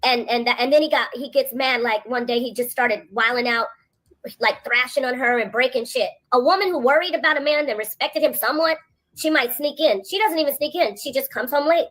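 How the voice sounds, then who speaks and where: A woman co-hosting a casual commentary stream, telling stories in an animated, indignant way. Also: sits high, brisk. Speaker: co-host.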